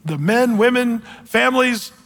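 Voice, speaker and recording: Older male pastor, high-pitched, chatty sermon with fillers, long hall reverb. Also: expressive, unhurried, a bit bright. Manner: conversational, many fillers and restarts, acts out quoted voices.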